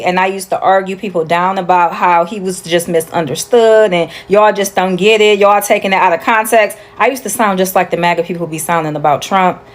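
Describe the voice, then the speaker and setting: Give me a woman talking candidly in a casual opinion video, mid-pitched. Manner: candid, conversational, mild swearing.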